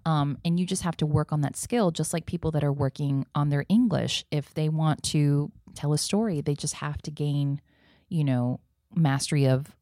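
A woman from South Texas, an acting professor and actress, telling stories in a relaxed interview and slipping in Spanish phrases. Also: low voice, no room sound, clean studio sound. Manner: animated storyteller who drops into Spanish phrases. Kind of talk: casual conversational interview.

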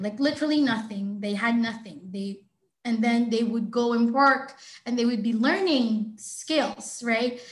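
Hesitant woman in an echoey room. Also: fairly high pitch. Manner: hesitant, fillers, tag questions. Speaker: sharing circle participant. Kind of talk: casual reflective sharing.

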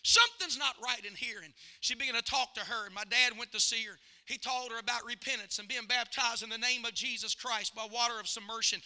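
A middle-aged male pastor preaching a sermon, telling stories and moving between loud exhortation and hushed, tender recollection. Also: very high voice.

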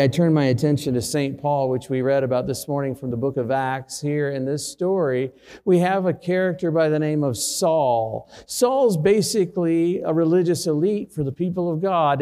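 A man's voice: a little high, moderate pace, mellow, big-room sound. A middle-aged man, a pastor, preaching a sermon through a personal story with self-deprecating humor.

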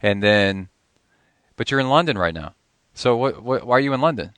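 A man's voice: medium pitch, lively intonation, moderate pace, a bit bright, clear, resonant tone, no room sound. A man hosting a podcast interview over a Skype call, chatty and joking, laughing often. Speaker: podcast host. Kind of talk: casual interview chat.

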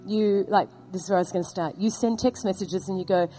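Female host, animated, lowish mellow voice. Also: fast talker, few pauses, rough recording. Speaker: interviewer. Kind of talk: conversational interview question.

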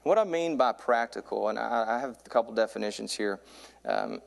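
A man in his thirties preaching a sermon from a church pulpit, telling a comic story and getting louder and higher as it builds. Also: a little fast, vocal fry. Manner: animated storyteller, voice climbs high in excitement. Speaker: youth pastor preaching.

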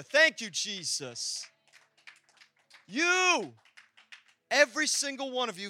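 A man preaching a passionate sermon in a church, swinging between loud and quiet. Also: sits high, no echo. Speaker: pastor. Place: church hall.

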